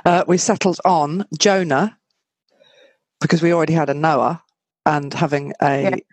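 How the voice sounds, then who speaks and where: A woman's voice: low-pitched, steady tone, unhurried, darkish tone, dry recording. A woman hosting a podcast in casual chat, talking easily with trailing asides. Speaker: podcast host.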